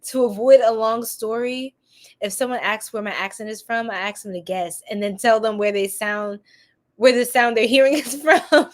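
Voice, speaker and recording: A woman with a New York accent and a slightly high voice, talking loosely with her livestream viewers. She is goofy and quick to laugh as she runs her tarot reading. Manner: goofy and giggly, laughs often. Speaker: tarot reader host. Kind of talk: casual livestream chat reading comments.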